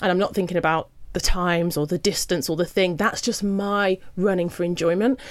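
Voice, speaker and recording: A woman hosting a podcast in casual chat, animated and laughing often. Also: on the low side, a little fast. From Jamaican heritage. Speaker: podcast host.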